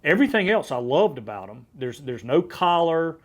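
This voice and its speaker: A man hosting a podcast, telling a hunting story in a casual, energetic way with frequent restarts. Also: fairly high pitch, moderate pace. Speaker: podcast host.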